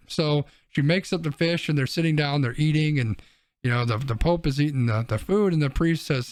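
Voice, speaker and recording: Guy cohost telling a rambly joke, kinda high voice, dry close mic. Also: moderate pace, a little mellow, dry recording. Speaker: podcast co-host.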